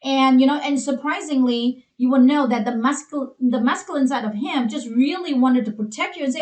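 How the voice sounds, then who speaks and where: High-voiced woman with a Chinese accent. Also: a little fast, few pauses, darkish tone, echoey room. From Asia. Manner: earnest, heavy use of "you know" fillers. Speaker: co-host. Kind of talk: advice talk for couples.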